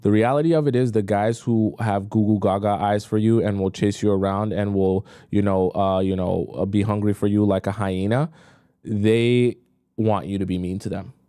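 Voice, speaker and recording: Brief: young male dating coach, mellow low voice, dry close sound, blunt livestream talk. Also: steady tone, moderate pace, smooth, no room sound. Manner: blunt, talks straight to women viewers. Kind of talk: livestream commentary.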